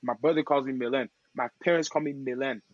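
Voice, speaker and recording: Lively Togolese man telling stories. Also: medium pitch, fast talker, lo-fi sound, crowd noise. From Togo. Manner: lively, acts out quoted voices, slangy. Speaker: podcast guest, DJ. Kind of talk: casual storytelling chat.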